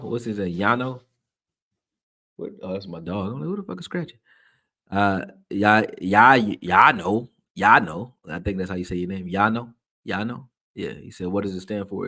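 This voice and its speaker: A man hosting a live stream, chatting casually with viewers and reading their comments aloud in a loose, slangy way, swearing freely and getting loud when he is worked up. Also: low-pitched.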